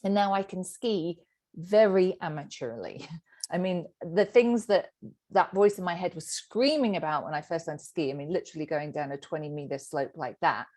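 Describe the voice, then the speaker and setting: A middle-aged woman, a sobriety coach teaching a group session and acting out the inner voice. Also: on the low side. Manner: animated, acts out inner voices.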